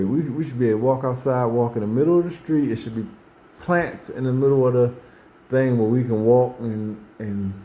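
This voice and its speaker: A man's voice: medium pitch, warm tone. A man talking casually about faith and everyday life, rambling and repeating himself, acting out what people say. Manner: rambling, repeats himself, restarts, acts out quotes. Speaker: host.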